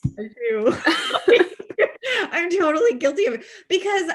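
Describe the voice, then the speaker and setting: A woman author talking as a guest on a casual podcast, animated and quick to laugh, with many fillers and restarts. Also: extremely high pitch.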